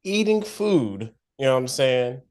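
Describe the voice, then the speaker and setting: A man co-hosting a casual TV recap podcast, slangy and animated, acting out characters' lines as he talks. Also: mid-range voice, a little slow. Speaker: podcast co-host.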